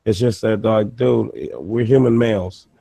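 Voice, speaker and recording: A man's voice: on the low side, measured pace, gravelly, dark tone, slightly rough, no room sound. A man talking as a guest on a casual livestream, rambling with lots of fillers in a confessional way.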